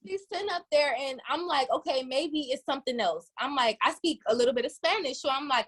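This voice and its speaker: A woman from Detroit, a podcast co-host, telling a story in casual chat and swooping up high when she quotes herself. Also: expressive, moderate pace, hardly any pauses.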